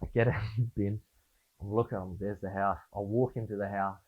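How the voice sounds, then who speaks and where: A man's voice: on the low side, steady tone, fairly quick, breathy edge. A man with an Australian accent, a guest telling laid-back, swear-heavy stories in a casual interview. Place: studio. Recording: phone-like lo-fi sound.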